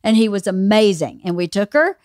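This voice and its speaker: A woman's voice: mid-range voice, lively intonation, darkish tone, no echo. Blunt teasing woman on a dry mic. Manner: blunt,喜 teasing, quick to contradict. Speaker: podcast host. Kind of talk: casual storytelling chat.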